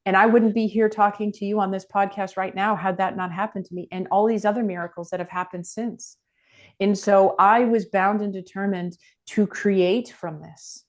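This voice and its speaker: A woman's voice: mid-range voice, steady tone, moderate pace. A middle-aged woman speaking as a guest on a podcast interview, earnest and reflective.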